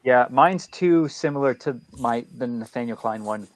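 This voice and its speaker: A man's voice: mid-range voice, normal speed, dry recording. Laid-back male podcast co-host, dry sound. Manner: relaxed, hesitant with fillers and swearing. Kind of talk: casual chat.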